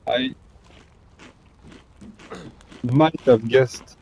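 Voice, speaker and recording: A man from France with a French accent, speaking halting English in a casual game chat. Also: medium pitch, a little mellow, slight background noise, low-quality recording. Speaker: fellow player.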